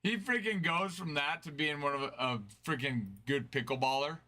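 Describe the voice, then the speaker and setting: A man's voice: fairly high pitch, normal speed, sharp tone. A man hosting a card break stream, chatting casually and answering viewers' chat.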